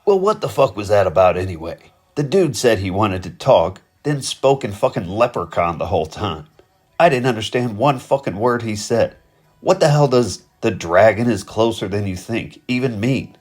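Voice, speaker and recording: A man voicing Hank, a gruff, profane male criminal with a low, weary drawl. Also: expressive, normal speed, a little mellow, soft background music. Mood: exasperated.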